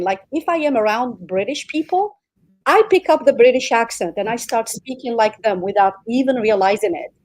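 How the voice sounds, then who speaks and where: Animated woman guest, fairly high voice. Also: rough recording. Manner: animated, explains with examples and repetition. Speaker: guest, speaker and coach. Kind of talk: conversational interview answer.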